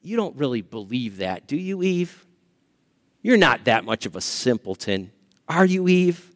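A man voicing a sly, mocking male serpent who coaxes in a low, sneering tone. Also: wildly swooping pitch, takes it slowly, heavily acted.

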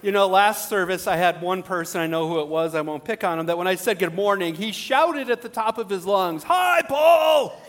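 A male pastor preaching an animated sermon, full of rhetorical questions. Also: high voice, a little fast, few pauses.

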